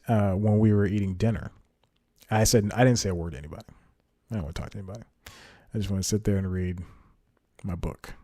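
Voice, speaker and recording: Male comedy podcast host, rambling self-correcting monologue delivery, dark mellow tone. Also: on the low side, no echo, clean studio sound.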